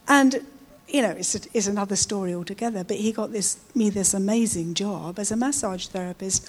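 A woman's voice: mid-range voice, a little fast. A middle-aged woman giving an informal, chatty sermon, often adding tag questions. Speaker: preacher.

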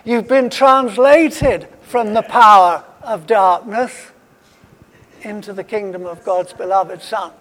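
A man's voice: sits high, expressive, a little slow. A man preaching a sermon, emphatic and repeating his key phrases for weight. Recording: long hall reverb.

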